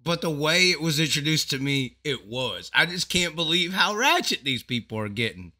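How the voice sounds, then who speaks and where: Bright, high-voiced profane racing commentator. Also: male voice, moderate pace. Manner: animated, profane, laughing asides. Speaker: racing show host. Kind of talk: casual commentary.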